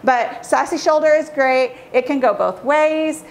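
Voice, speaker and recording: A woman photographer giving a casual tutorial, chatty and lively as she acts out how kids react. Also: high-pitched, unhurried. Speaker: children's portrait photographer.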